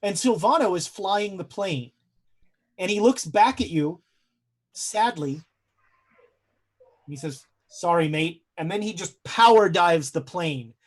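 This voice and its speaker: Eerie dream sequences are narrated by a young man running a horror tabletop game, who uses dramatic pauses and lots of hesitant fillers. He speaks in a high voice with lively intonation.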